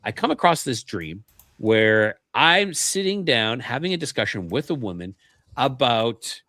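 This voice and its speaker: Canadian-born guy on a podcast, earnest storyteller, acts out the back-and-forth, middle pitch, dry close sound. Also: lively intonation, a little slow, fairly bright tone, dry recording. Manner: earnest storyteller who acts out remembered dialogue. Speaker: podcast guest. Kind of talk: casual storytelling interview.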